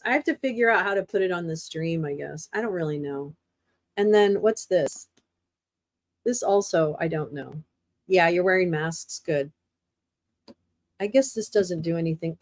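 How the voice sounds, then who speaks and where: A woman's voice: fairly low pitch, lively intonation, a little slow, long pauses. A woman hosting a livestream in casual chat, thinking aloud as she tries out gadgets at her desk. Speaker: livestream host. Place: at her desk, home streaming setup.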